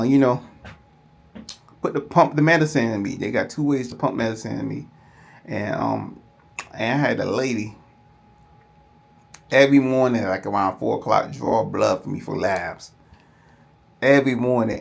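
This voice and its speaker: A man's voice: mid-range voice, creaky, breathy edge. A man speaking casually to camera, rambling through a personal story and calling out to viewers as "y'all". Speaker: vlogger.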